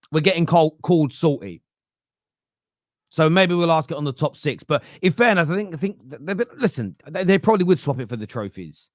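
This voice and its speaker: A man with a fairly high-pitched voice hosts a fan podcast in a casual live-stream style. He speaks bluntly and with opinion, with "uh" and restarts. The sound is dry and close. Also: expressive, fairly quick, no echo. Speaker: host of a fan football podcast. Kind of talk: casual live-stream commentary reading viewer comments.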